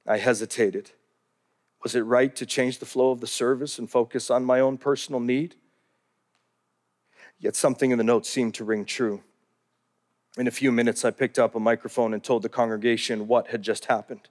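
A man's voice: mid-range voice, fairly even intonation, moderate pace. A man narrating a first-person memoir in an earnest, heartfelt storytelling manner.

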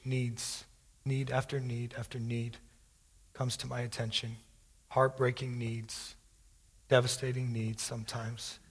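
A pastor preaching an earnest sermon, moving into prayer and a read-aloud poem. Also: male voice, medium pitch, slightly rough. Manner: earnest, prayerful, building intensity.

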